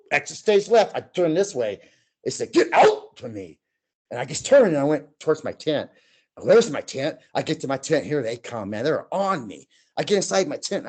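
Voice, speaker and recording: In a relaxed conversation, a guest in his sixties recounts first-hand stories with lively energy, performing the voices and noises himself. His voice sits at an ordinary middle pitch for a man.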